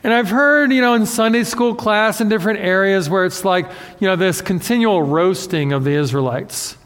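A pastor with a notably high voice delivers a conversational sermon at normal speed, animated and self-deprecating, often acting out what people say. A long reverb trails his voice, as though he's speaking in a hall.

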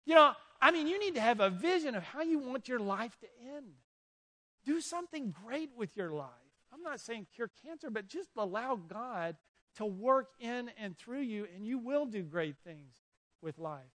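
A youth pastor with an extremely high-pitched voice preaches to young people at normal speed in an indoor room with an audience. He is animated, tells stories, and urges his listeners directly.

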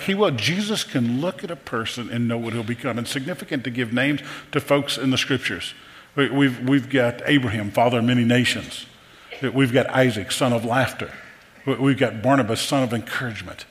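A pastor with a mid-range male voice preaches a conversational sermon at a fairly quick pace, repeating words and asking the audience questions. The recording carries long hall reverb.

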